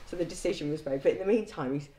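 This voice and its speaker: A woman's voice: low-pitched, very fast, dark tone, a little hiss or hum. Blunt woman with a roomy echo. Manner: blunt, swears freely, laughs through anecdotes. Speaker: former prison governor. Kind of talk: storytelling in conversation.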